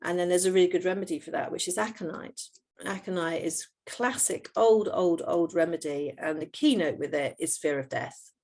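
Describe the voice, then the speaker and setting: A woman's voice: fairly low pitch, normal speed, a little mellow. A middle-aged woman, a homeopath, explaining her work patiently in an interview, with many fillers and restarts.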